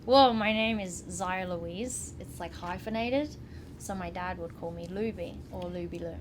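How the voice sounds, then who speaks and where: A woman's voice: on the low side, measured pace. Chatty young English woman, noisy room. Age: 20s. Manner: chatty, laughs often, lots of "like". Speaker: interview guest, wrestler. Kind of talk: casual interview chat. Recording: noisy background ambience.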